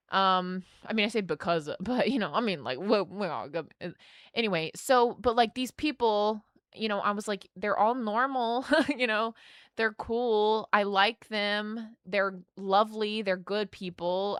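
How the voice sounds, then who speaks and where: Young woman streamer, casual rambling chat, bright tone, dry close sound. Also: mid-range voice, clean tone, no echo. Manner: rambling, filler-heavy storytelling with restarts.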